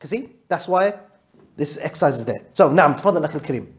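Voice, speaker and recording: A man's voice: fairly high pitch, lively intonation, fast. A man teaching a live Arabic grammar class, patiently quizzing his students and mixing English with Arabic terms. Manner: patient, drills students with repeated questions.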